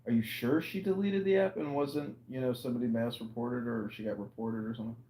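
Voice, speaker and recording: Man, mellow dark voice, laid-back questioner, echoey room. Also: mid-range voice, a little fast. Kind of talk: casual chat.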